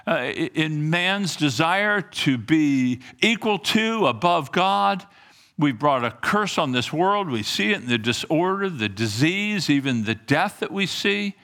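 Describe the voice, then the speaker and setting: A man's voice: a little high, animated, measured pace, pushed and bright. A middle-aged man preaching a sermon in earnest, reading scripture aloud and often repeating himself. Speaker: pastor.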